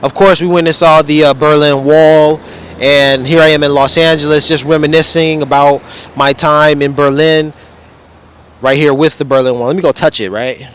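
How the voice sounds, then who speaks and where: A man's voice: fairly high pitch, steady tone, normal speed, a bit bright, a little hiss or hum. Easygoing male vlogger who rambles in slang while talking to camera outside. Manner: rambling, laid-back slang. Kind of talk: casual vlog. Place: outdoors beside a wall display.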